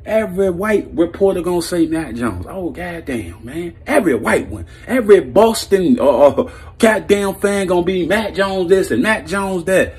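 A man's voice: sits high, lively intonation, moderate pace, a little mellow, husky. A man giving a blunt, heated, profane sports opinion rant as a vlog host, breaking into laughs. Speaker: sports commentary vlogger.

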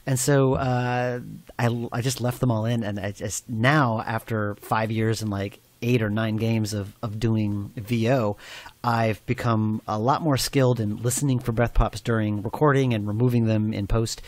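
A man giving a commentary track on a game, explaining in a thoughtful, relaxed way with frequent pauses and fillers. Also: on the low side, no room sound. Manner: thoughtful, many fillers and restarts.

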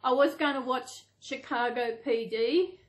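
Australian woman, middle-aged, rambling casual vlog chat, slightly high voice. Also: a little slow. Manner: rambling, self-correcting, chatty. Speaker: doll collector vlogger.

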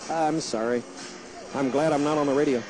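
A man calling basketball play-by-play on radio, excitable and jumping sharply higher on big plays, with chatty asides between plays. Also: a little fast, over music, rough recording.

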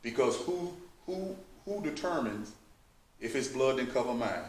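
A man's voice: mid-range voice, animated, unhurried. A man preaching a sermon, who builds to emphatic outbursts and addresses the listeners as saints. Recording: echoey room, mic at a distance.

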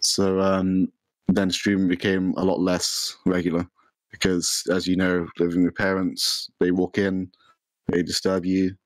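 A young man with a deep, low voice talks casually as a podcast guest, rambling along with lots of ums and restarts. The sound is close and dry. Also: monotone, a little slow, no room sound, rough recording. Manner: rambling, many fillers and restarts. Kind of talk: casual chat.

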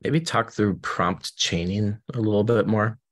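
A man's voice: on the low side, a little slow. A man relaying audience questions in a webinar, asking hesitantly with many fillers. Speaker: moderator relaying chat questions.

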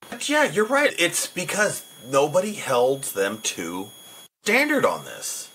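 A man, a teacher, chatting casually on a podcast in a lively, emphatic way full of asides. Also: on the high side, takes it slowly, a little hiss or hum.

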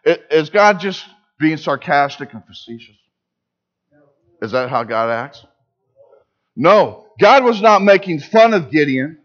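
A pastor giving a sermon in church, preaching with emphasis and asking the congregation rhetorical questions. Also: male voice, on the high side, animated, unhurried, long pauses, a bit bright, dull audio.

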